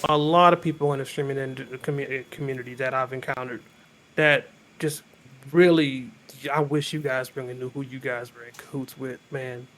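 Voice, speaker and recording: A man guest-hosting a podcast in casual chat, talking in an emphatic, animated way. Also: medium pitch, normal speed.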